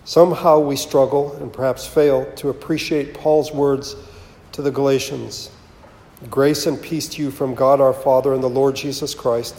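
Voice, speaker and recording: A man giving a slow, measured, solemn sermon as pastor, reading scripture aloud. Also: medium pitch, little pitch movement, darkish tone. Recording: roomy with long reverb.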